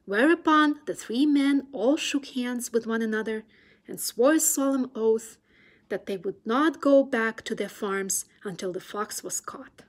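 A woman reading a children's storybook chapter aloud, gentle and soft, sometimes almost whispering. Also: fairly high pitch, unhurried. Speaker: children's book reader.

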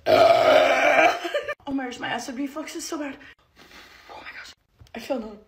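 A woman's voice: sits high, a little slow, vocal fry, noisy background. A young woman making a comedic phone vlog at home, giggly and dramatic, squealing in mock pain. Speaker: comedy content creator.

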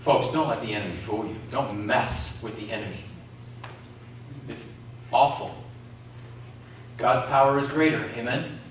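A man's voice: mid-range voice, measured pace, pauses often, a little hiss or hum. A man preaching a sermon, calling out questions to the congregation. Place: community centre hall. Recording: echoey hall from far off.

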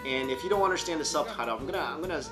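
A man co-hosting an online news chat show, casually retelling a viral clip with animated asides. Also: fairly high pitch, racing, over loud music. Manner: animated, retells with acted quotes and laughs. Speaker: co-host of a news commentary show.

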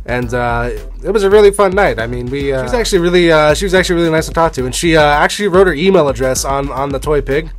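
A man's voice: on the high side, fast talker, hardly any pauses, soft background music. A young man telling a personal story in a rambling, offhand way, with the odd swear word. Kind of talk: casual storytelling.

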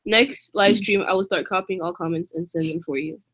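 A woman's voice: on the low side, fairly even intonation, brisk, a bit bright. A young woman co-hosting a casual live-stream chat, teasing her co-host and talking straight to the viewers.

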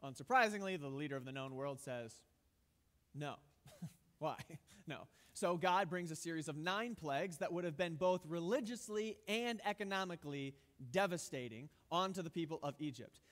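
A man's voice: a little high, lively intonation, normal speed, in a large hall. A male pastor giving a sermon in a conversational, emphatic way with light humor.

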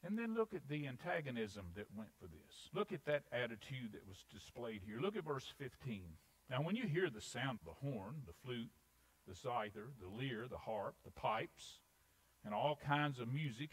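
Animated preacher delivering a sermon. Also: male voice, mid-range voice, normal speed, poor audio. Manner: animated, dramatic scripture reading. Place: church sanctuary.

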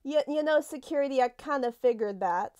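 A woman's voice: high voice, expressive, brisk, darkish tone. A woman giving live gameplay commentary. She is jumpy, swears a lot and talks back to the game characters. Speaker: let's play gamer.

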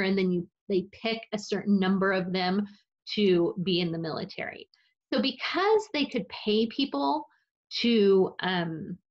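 Dull-sounding woman teaching a history lesson. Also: mid-range voice. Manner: explanatory, conversational, with fillers and self-corrections. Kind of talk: recorded remote history lesson. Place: her office.

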